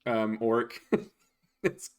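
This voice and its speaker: A man narrating as game master of a tabletop game, relaxed and hesitant with frequent ums. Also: mid-range voice, slow pace.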